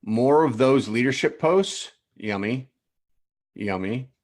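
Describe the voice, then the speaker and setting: This coach has a medium-pitched voice and talks slowly. During a live training session he goes over profiles out loud in an animated way, calling on viewers by name and repeating his points.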